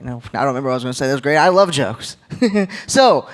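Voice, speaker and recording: A man's voice: mid-range voice, lively intonation, fast, a little hiss or hum. A man giving a live leadership talk at a church gathering, joking and quizzing the crowd with questions. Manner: jokey, engages crowd with questions.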